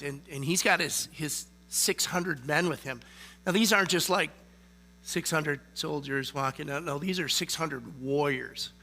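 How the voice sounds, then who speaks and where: A man's voice: fairly high pitch, creaky, sharp tone. A man preaching a sermon in a casual, conversational way, often checking in with the listeners by asking "okay?". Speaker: lay preacher.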